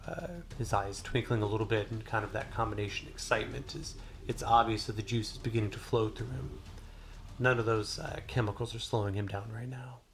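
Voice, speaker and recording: A man narrating a solo tabletop game as game master in a relaxed, rambling way with many fillers. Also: fairly low pitch. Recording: music playing behind.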